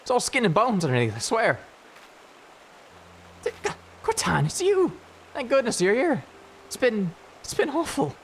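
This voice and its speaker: A man voicing a frightened small male adventurer in a put-on Irish accent, stammering and gravelly as he reads game dialogue. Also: very high voice, huge pitch swings, moderate pace, pauses often, a little hiss or hum, pitched above the performer's own voice, full character voice. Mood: scared. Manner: jittery, breathless pleading. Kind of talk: voice acting a game's dialogue on a live stream.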